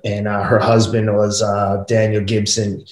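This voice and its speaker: A man's voice: fairly low pitch, unhurried. A middle-aged man, a podcast guest, telling family stories in a casual interview, acting out the voices of his kids and wife. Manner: animated, acts out family dialogue. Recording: echoey room.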